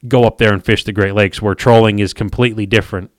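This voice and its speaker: A man explaining fishing gear in casual chat, talking haltingly with many restarts. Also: on the low side, steady tone, dry recording, studio quality. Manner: hesitant, many fillers and restarts.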